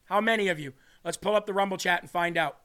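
Earnest high-voiced man hosting a faith podcast. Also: fast talker, sharp tone. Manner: earnest, emotional, reads comments aloud. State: tearing up. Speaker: podcast host. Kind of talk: reading live chat on a faith podcast.

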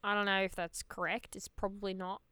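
A woman co-hosting a casual podcast chat, insistent and teasing, quick to laugh. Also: medium pitch, level tone, bright, forceful tone, clean tone, dry recording. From Canada. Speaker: podcast co-host.

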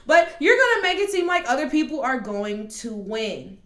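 Animated woman podcaster, roomy sound. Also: high voice. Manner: animated fantasy booking with quick asides. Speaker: podcast host. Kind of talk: casual podcast chat. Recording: roomy echo.

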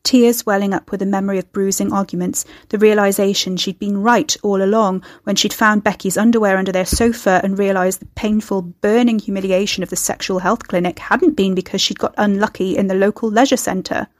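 A woman narrates her serial fiction in a close, dry reading. Her voice is mid-pitched, and she is expressive, taking on every character herself. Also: brisk, hardly any pauses, no room sound. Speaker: audiobook narrator.

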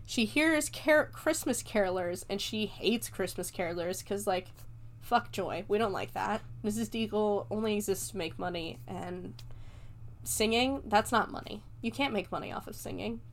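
A woman's voice: mid-range voice, moderate pace, slight background noise. A woman recapping a movie in a loose, joking way, with frequent laughs and swearing. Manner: loose and profane, laughs often, jokes along. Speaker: movie reviewer.

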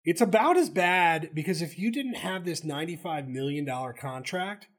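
A man with a Southern accent, co-hosting a casual sports talk show and cutting in with animated opinions. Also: fairly high pitch, moderate pace. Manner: animated, talks over his co-host. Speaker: co-host.

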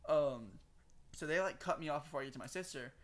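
A man's voice: fairly high pitch, fast talker. Swearing, rambling young Texan guy. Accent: Southern US. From Texas. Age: young adult. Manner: rambling, heavy swearing, lots of "like". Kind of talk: casual storytelling chat.

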